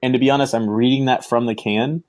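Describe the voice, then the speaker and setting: A man's voice: medium pitch, fairly even intonation, fast talker, a little mellow, no echo. A young man co-hosting a casual podcast, full of crude joking banter. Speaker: podcast co-host. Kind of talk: casual chat.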